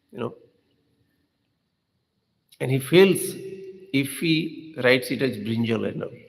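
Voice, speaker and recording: A man with a gravelly voice gives a loose, unscripted spiritual talk. He wanders from point to point, asks his listeners rhetorical questions and tags on a questioning "hmm?". His voice carries a long hall reverb. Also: medium pitch. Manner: rambling and conversational, with rhetorical questions, tag "hmm?" and soft chuckles. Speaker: spiritual teacher.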